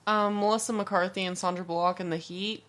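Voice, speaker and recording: A woman's voice: medium pitch, fairly even intonation, fairly quick, crowd noise. A woman chatting casually on a podcast, blunt and swearing freely. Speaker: podcast co-host. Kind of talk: casual chat.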